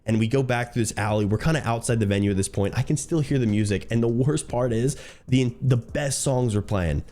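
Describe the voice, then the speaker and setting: A man's voice: mid-range voice, brisk, warm tone. A man who streams for a living, telling a story in a talkative, rambling way. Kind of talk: casual storytime.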